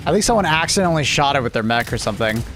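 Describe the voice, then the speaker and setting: A man talks on his gaming livestream at an average pitch, drowsy and easygoing. He swears freely and pokes fun at himself between rounds, speaking into a desk mic. Faint game noise hums underneath his voice. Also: lively intonation, rapid-fire, a bit bright. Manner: profane, laid-back, self-mocking banter. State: sleepy. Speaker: streamer. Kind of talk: casual gaming livestream chat.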